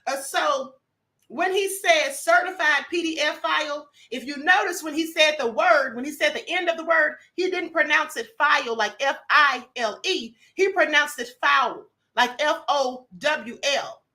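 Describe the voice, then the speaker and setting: A woman's voice: high voice, moderate pace, bright, forceful tone. A woman hosting a casual commentary livestream, chatty and emphatic, often checking in with her audience. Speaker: live stream host. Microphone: computer mic on live stream.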